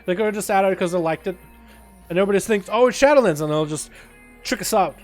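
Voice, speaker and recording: A man's voice: high voice, quick pace, soft background music. Laid-back young male game streamer. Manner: laid-back, laughs often, swears casually. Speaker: gaming streamer. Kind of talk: casual gaming livestream commentary.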